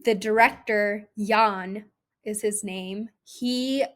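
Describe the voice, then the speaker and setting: A woman's voice: mid-range voice, fairly even intonation, slow. A young adult woman, an actress guest in a casual interview, talking chattily with many "like"s and "um"s. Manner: chatty, heavy use of "like" and "um".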